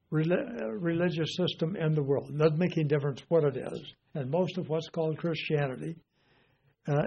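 A man's voice: fairly high pitch, a little mellow, slightly rough. An older man teaching the Bible in an informal sermon, rambling and folksy with lots of fillers. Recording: dull lo-fi recording.

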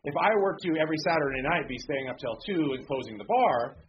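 Conversational pastor, slightly high voice. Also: male voice, animated. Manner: conversational, frequent "okay?" check-ins; reads scripture slowly and deliberately. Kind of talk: sermon. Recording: dull lo-fi sound with faint background noise.

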